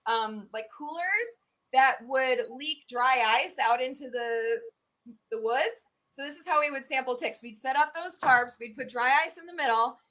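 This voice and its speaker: A woman with a Southern US accent talks as an expert guest in an easygoing interview. Her voice sits high, and she chats in an animated way, full of fillers and quick asides. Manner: chatty and animated, many fillers. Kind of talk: casual interview chat.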